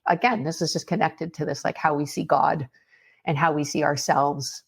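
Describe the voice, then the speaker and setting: A woman, an author and speaker, talking as a podcast guest in a lively, storytelling way with frequent fillers. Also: deep voice. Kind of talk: casual podcast conversation.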